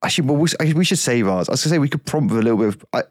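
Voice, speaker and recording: A man rambles through a casual podcast chat, swearing and correcting himself as he goes. His pitch swings about in a lively way, and the recording is dry and close. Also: rapid-fire, no echo. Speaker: podcast co-host.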